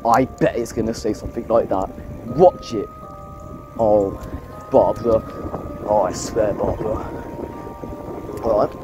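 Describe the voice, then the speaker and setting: Riding an electric bike along outdoor paths and roads, a young man vlogs in casual running commentary, ranting and swearing at his sat-nav. His voice sits on the low side with a steady tone and measured pace, broken by long pauses, and a bike-mounted camera picks it up over music.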